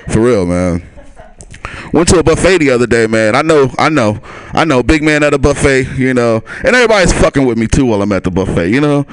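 A man's voice: medium pitch, sing-song, quick pace. A man doing a loose stand-up set at a small club, laughing at his own lines and talking straight to the crowd. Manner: loose, chuckling, talks to the crowd. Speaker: stand-up comic. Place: small comedy club stage.

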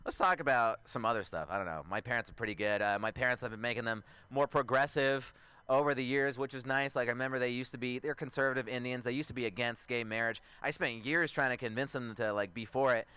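A man's voice: medium pitch, fast talker, pushed and bright, clear, resonant tone, no room sound. A man in his twenties performing a stand-up comedy set, chatty and self-mocking, riffing with asides to the crowd. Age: 20s. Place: outdoor show.

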